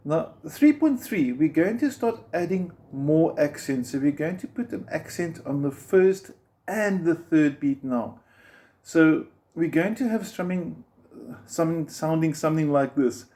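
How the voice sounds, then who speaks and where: A patient male guitar teacher with a slightly high, mellow voice, walking beginners through each step and counting beats aloud. Faint guitar strumming sits underneath his speech. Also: lively intonation, a little slow.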